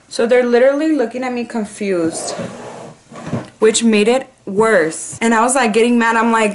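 A woman's voice: fairly high pitch, normal speed, slight background noise. A woman telling a story straight to the camera in a loose, chatty vlog. She cusses freely, leans on "like" at every turn and tosses in the odd Spanish slang phrase. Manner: chatty, profane, heavy use of "like". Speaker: 911 dispatcher.

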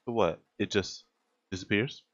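Low-voiced young guy rambling over a game, jumpy and laughing, faint hiss. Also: normal speed, highs cut off. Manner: rambling, startled outbursts, laughing. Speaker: gaming channel host. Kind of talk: let's play commentary.

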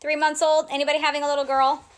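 A woman's voice: high voice, level tone, rapid-fire. A woman hosting a casual live clothing sale, chatting to viewers and reading out sizes and prices. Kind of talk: casual live-stream selling chat.

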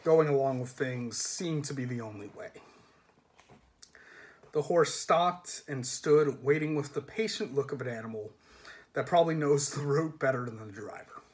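A man reading a novel aloud in steady, measured narration. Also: mid-range voice. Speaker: reader. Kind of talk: audiobook-style reading of a novel.

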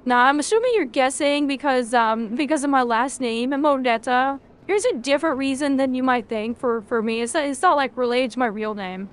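A woman's voice: high-pitched, normal speed, hardly any pauses. A woman streaming a video game, chatting casually with her chat, rambling and swearing freely.

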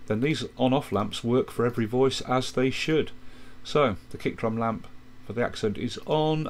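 A man calmly walking through a music software tutorial, explaining step by step with quick asides. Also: medium pitch, a little hiss or hum. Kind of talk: screen-recorded software tutorial.

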